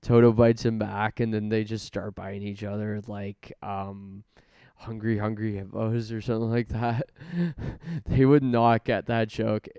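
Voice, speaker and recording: A man's voice: on the low side, flat delivery, normal speed, warm tone, clean tone, dry recording. A man hosting a solo podcast, rambling through jokes and self-mocking asides. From Canada. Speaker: podcast host.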